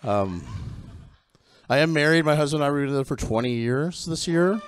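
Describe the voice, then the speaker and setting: A man's voice: on the high side, expressive, normal speed, noisy background. A middle-aged man performing a stand-up comedy set on a theatre stage, campy and self-deprecating, with punchy lines and frequent giggles.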